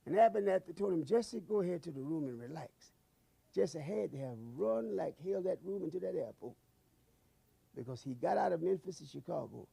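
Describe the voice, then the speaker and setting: A man's voice: high voice, expressive, normal speed, vocal fry, warm tone, husky, no room sound. A man recounting an eyewitness memory in an emotional, dramatic storytelling manner. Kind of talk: eyewitness recollection.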